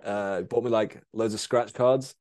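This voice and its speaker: A man's voice: on the low side, steady tone, a little slow, a little mellow, no echo, studio quality. A young man in casual chat, telling a long injury story with lots of fillers and swearing. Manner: rambling storyteller, swears a lot, many fillers. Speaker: guest, BMX rider.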